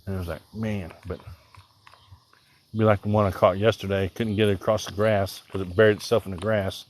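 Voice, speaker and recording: This Southern Illinois fisherman, with his mild Southern accent, talks at normal speed in a lowish, steady voice. He's live streaming from the water's edge, rambling along in an easygoing way, musing aloud and reading viewers' comments.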